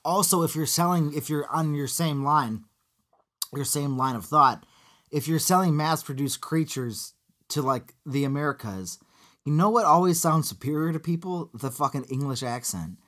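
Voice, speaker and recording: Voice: mid-range voice, moderate pace. A podcast co-host talking casually about a movie, profane and joking. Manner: animated, profane, jokey asides.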